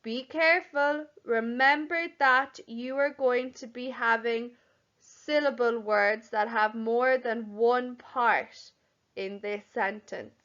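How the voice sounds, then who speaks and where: A young woman leads a home-learning lesson for infants, drawing out words slowly and clearly. Her voice sits high and bright. The recording is a little dull and lo-fi. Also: steady tone. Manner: slow, clear, sounding out words for young children. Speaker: primary school teacher. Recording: slightly dull, lo-fi audio.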